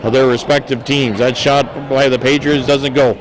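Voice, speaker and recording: A man doing folksy, joking play-by-play of a local high school basketball game. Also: flat delivery, normal speed. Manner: folksy, jokey, stumbles over player names. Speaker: play-by-play announcer. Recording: noisy gym broadcast audio. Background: gym ambience and bouncing basketballs.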